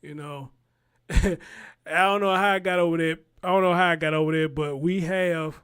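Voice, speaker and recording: A man's voice: a little high, steady tone, moderate pace, a bit bright, clear, resonant tone. A man, rambling in casual live-stream commentary and talking straight to his viewers. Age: 40s.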